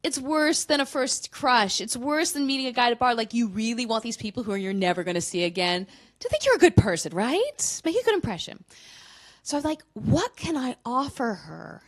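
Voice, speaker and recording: A woman in her thirties performing a stand-up comedy set, telling candid, self-mocking stories with quick punchlines. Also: fairly high pitch, animated. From Canada.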